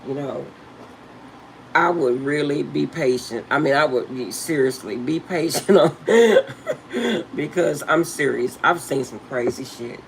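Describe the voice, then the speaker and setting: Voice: mid-range voice, animated, unhurried, a little hiss or hum, low-quality recording. An older channel host giving casual spiritual advice to viewers in an emphatic, slangy, blunt way, laughing often.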